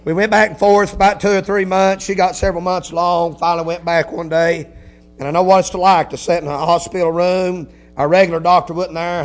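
A man preaching a folksy sermon, telling a story quietly, then building to shouted preaching with hallelujahs. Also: on the high side. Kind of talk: Pentecostal-style sermon.

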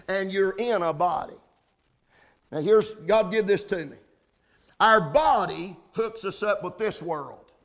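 A man preaching a sermon, building from steady teaching to shouted emphasis, spelling out key words. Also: high voice. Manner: rising to shouts, spelling out words, answering amen. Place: church service.

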